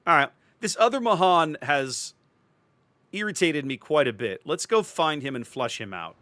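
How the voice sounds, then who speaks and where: A man's voice: fairly high pitch, expressive, moderate pace, sharp tone, dry recording. A man streaming a video game, chatting casually with viewers and often repeating words as he thinks. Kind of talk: casual live-stream commentary.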